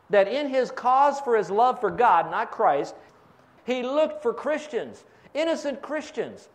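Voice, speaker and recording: A man preaching a sermon, teaching and asking his congregation to fill in words. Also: high-pitched. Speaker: pastor.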